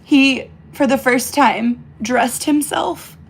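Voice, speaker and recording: A woman's voice: high voice, slow pace, creaky, breathy edge. A young woman chatting casually in a vlog while doing her makeup, emotional and choked up, rambling with many fillers and restarts. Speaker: mother vlogging.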